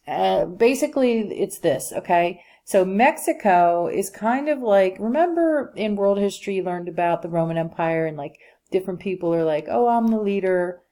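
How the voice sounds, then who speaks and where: A history teacher with a slightly low, dark-toned voice gives a recorded lecture over slides. Her delivery is loose and chatty, full of "um"s and quick asides to her students.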